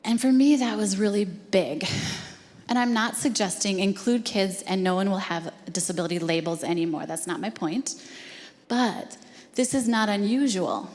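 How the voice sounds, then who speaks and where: A woman speaking to a live audience at an education talk, telling a story with earnest feeling. Her voice sits at an ordinary middle pitch for a woman. A long hall reverb trails after her words.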